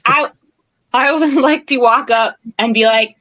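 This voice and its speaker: High bright woman player. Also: moderate pace, dry recording, highs cut off. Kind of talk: tabletop game play.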